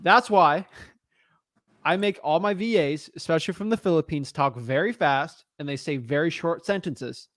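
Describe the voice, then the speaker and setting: A man's voice: fairly high pitch, normal speed, fairly bright tone, no echo, studio quality. Blunt, casual male real estate coach. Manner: blunt and casual, peppered with man and dude. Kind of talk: casual advice on a call.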